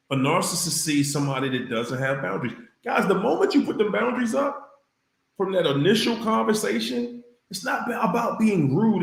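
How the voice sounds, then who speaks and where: A man talks slowly and deliberately, giving advice to his viewers. He repeats his points like a preacher and shouts out loud exclamations between them. His voice carries the echo of a bare room. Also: high-pitched, creaky. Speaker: livestream host reading viewer comments. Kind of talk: casual livestream talk.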